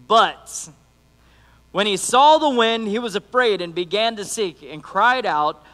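Casting: lively, bright-toned male preacher, conversational, in a reverberant church hall. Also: extremely high pitch, unhurried. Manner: animated, conversational, acts out quotes. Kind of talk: sermon.

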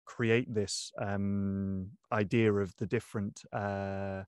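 A young man, an audiobook narrator, talking through his craft in a casual interview, pausing often with ums and restarts. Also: fairly low pitch, level tone, clear, resonant tone, no room sound, clean studio sound. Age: young adult. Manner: thoughtful, many ums and restarts. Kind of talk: interview guest, casual talk.

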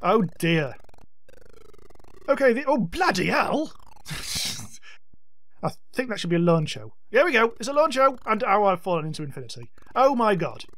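A man hosting a let's-play, giving excitable gameplay commentary and yelping and swearing at the game. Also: high voice, moderate pace.

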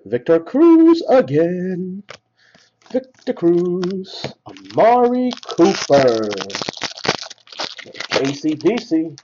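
A man hosts a live card break, slowly calling out each card he pulls and lifting his voice at the good ones. His pitch swings widely, with a fairly high voice. The stream audio sounds dull and lo-fi. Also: a little hiss or hum. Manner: rattles off names, excited at big hits. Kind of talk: live card-opening commentary.

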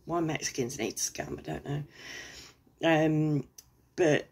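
Middle-aged English woman, low and husky, sweary sarcastic ranter. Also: slow, a little mellow. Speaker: vlogger. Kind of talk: casual rant to camera.

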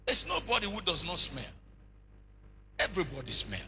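A man preaches in an animated, joking manner and keeps firing rhetorical questions. His voice is notably high and very bright and cutting, with faint noise underneath. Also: moderate pace. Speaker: bishop, preacher. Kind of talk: sermon.

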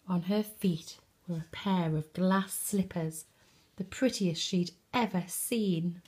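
Slow breathy woman reading a bedtime story. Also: lowish voice. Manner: slow, soft and expressive, drops to whispers.

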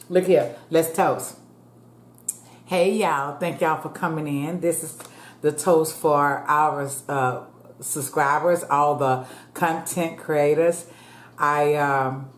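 Food vlogger, woman in her fifties, deep unhurried voice, talks straight to the viewers in an echoey room. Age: 50s. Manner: chatty, calls the viewers "y'all", prays aloud. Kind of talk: casual eating chat to viewers.

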